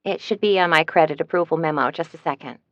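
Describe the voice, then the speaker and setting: A woman's voice: deep voice, fast talker, dry recording, close to an everyday voice. A woman voicing a cheerful, talkative female travel agent in an audiobook, in a dry, slightly dull recording. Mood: chirpy.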